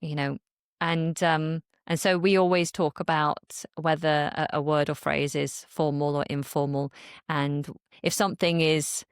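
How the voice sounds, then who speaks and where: A young adult woman from Manchester with a modern RP accent, speaking as a podcast guest and accent coach in a thoughtful, measured way. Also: deep voice, level tone, clear, resonant tone, no room sound, studio quality. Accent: modern RP English. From Manchester, England. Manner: thoughtful, measured, with small restarts. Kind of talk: podcast interview.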